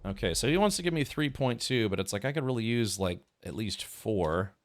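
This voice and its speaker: A man's voice: on the low side, lively intonation, a little fast. A man chatting casually while he streams a game, musing aloud with many fillers. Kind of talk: casual gameplay commentary. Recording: faint game music behind.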